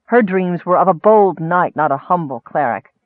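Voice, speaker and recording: A man narrates a fantasy story in a measured, expressive voice that sits high. The recording is dry and squeezed into a narrow band, close to a phone line. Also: dry recording. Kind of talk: audiobook narration.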